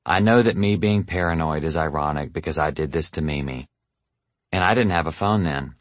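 A man's voice: a bass voice, fairly quick, dry recording. A man doing a worried southern mother. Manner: anxious, pleading, then forbidding.

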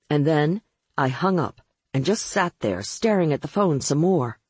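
Husky woman narrating an audiobook. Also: deep voice, animated, a little slow, darkish tone, dry recording. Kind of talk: first-person scripted narration.

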